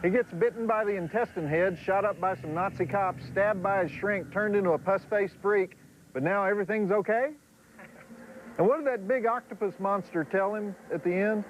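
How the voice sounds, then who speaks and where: A middle-aged man hosts a horror movie night like a wisecracking TV host, making sardonic, drawling cracks with chuckling asides. His voice sits high and he speaks at normal speed, but the audio is poor with slight background noise.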